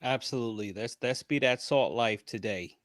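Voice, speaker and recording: Man, podcast host, smooth resonant voice, dry close sound, upbeat sign-off, listing platforms. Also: medium pitch, normal speed, a bit bright, no room sound. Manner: upbeat, promotional, rhythmic lists.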